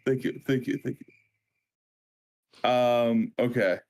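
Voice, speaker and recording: A man's voice: mid-range voice, fairly even intonation, very slow, darkish tone. Chatty male player in a casual tabletop game, mid-range voice. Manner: chatty, laughs while describing his character.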